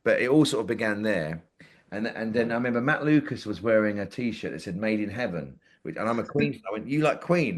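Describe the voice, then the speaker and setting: A man in his forties, a podcast guest telling rambling anecdotes with lots of swearing and acted-out quotes. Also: fairly low pitch. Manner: rambling, lively, swears freely, acts out quotes. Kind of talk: casual anecdotal storytelling.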